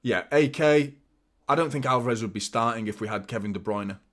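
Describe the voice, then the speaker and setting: A man hosting a live football watchalong, giving fan commentary and chatting to viewers, excitable and prone to swearing. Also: medium pitch, fairly quick. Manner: chatty, addresses viewers as mate. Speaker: watchalong host. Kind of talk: live match commentary and chat.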